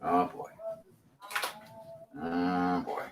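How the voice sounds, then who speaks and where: A man in his forties chats loosely on a livestream, rambling and laughing easily as he reads out comments. His fairly low voice sounds roomy and set back from the mic. Faint room noise hums behind him. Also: little pitch movement, drawn-out words, recorded from a distance. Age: 40s. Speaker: host of a building livestream. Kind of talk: casual livestream chat.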